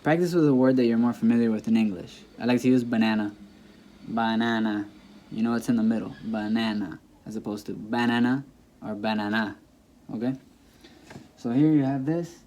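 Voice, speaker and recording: A man's voice: mid-range voice, fast, warm tone, slight background noise. A man teaching a language lesson, patiently explaining rules and sounding words out again and again. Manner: patient, repetitive, demonstrates pronunciation by saying words aloud. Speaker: Spanish teacher. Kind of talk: classroom-style lesson explaining grammar.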